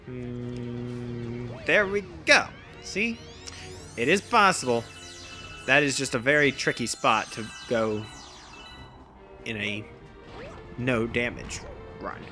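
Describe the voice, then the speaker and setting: A man giving casual, rambling, self-deprecating let's play commentary over a video game. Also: medium pitch. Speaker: gameplay commentator.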